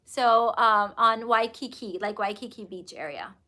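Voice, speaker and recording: A high-pitched woman coach talks to her viewers in a casual livestream. Her voice is bright and forceful. She is gushing and emphatic and throws in the odd curse word. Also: unhurried. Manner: effusive and emphatic, with casual swearing. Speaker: business coach and host.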